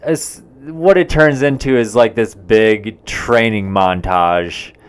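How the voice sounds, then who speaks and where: A man co-hosting a podcast, recapping a film in casual chat, unhurried and full of fillers and hesitations. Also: lowish voice, smooth. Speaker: podcast co-host.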